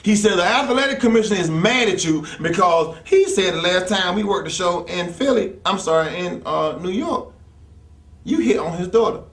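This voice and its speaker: A blunt man with a fairly high voice rants through old grudges, swearing freely and acting out every back-and-forth he retells. He sits back from the mic in a room that rings with echo. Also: normal speed, fairly bright tone. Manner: blunt, profane, acts out quoted exchanges. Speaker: interview guest. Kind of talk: profane storytelling rant. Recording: echoey room, distant from mic.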